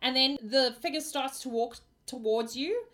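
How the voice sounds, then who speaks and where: A woman's voice: sits high, normal speed, fairly bright tone. A woman narrating as game master of a tabletop game, often laughing and apologizing.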